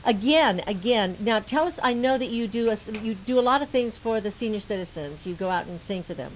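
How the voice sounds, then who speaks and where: A woman's voice: mid-range voice, expressive, a little fast, poor audio. A woman hosting a radio talk show, chatting casually and laughing often. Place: radio studio. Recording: faint hiss.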